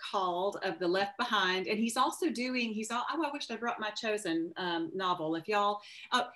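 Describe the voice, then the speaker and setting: A woman novelist speaks as a guest over a video call. Her voice sits at a middle pitch, and she talks in a casual, chatty way. She tells lively stories and doubles back often to restart her sentences. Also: normal speed. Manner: animated storyteller, many restarts and asides. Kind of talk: casual conversational interview.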